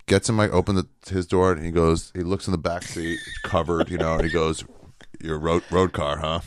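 A man with a very low voice trades stories and dry quips in relaxed chat. His interjections are quick and wry. The recording is dry and close. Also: dry recording. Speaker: stand-up comedian. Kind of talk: casual podcast chat.

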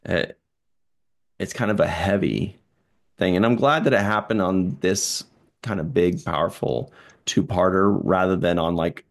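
Gravelly low-voiced man chatting. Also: a little slow. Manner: relaxed, rambling, playful asides. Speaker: podcast co-host. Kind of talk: casual chat.

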